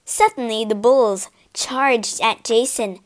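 A woman narrating a storybook for English learners, reading slowly, clearly and expressively. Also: fairly high pitch.

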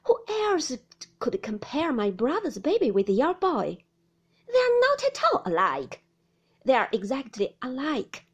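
A woman voicing a stern, harsh middle-aged spinster in a storybook reading, sharp and scolding. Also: sing-song, slow, full character voice. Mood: scornful. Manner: sharp, scolding, shrill outbursts.

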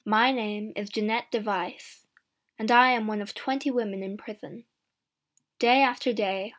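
Woman reading an audiobook story, slow and careful, kinda high voice. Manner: slow, clear and deliberate. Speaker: audiobook narrator. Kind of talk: slow first-person storybook narration.

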